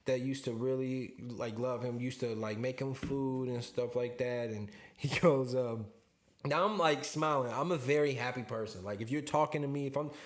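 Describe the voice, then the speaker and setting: A young man co-hosting a podcast, telling a story in casual chat, animated, swearing, laughing often and acting out the people he quotes. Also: mid-range voice, normal speed. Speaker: podcast co-host.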